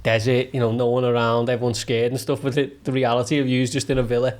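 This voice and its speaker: A man's voice: medium pitch, flat delivery, fast talker. A man hosting a podcast, reacting reflectively to his guest's story. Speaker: podcast host. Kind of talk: casual interview chat.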